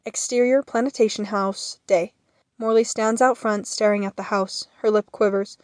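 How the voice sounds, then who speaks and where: Brief: woman reading stage directions, mid-pitched, dry and close. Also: fairly even intonation, darkish tone, no echo. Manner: measured, matter-of-fact. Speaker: narrator. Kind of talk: reading scene directions in an audio drama.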